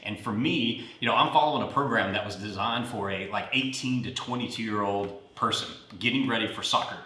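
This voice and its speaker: A man's voice: lowish voice, brisk. Chatty man in his forties, roomy echo. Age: 40s. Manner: chatty, rambling, animated when retelling. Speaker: fitness podcast host. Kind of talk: casual storytelling while coaching a workout. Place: gym. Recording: roomy echo, mic at a distance.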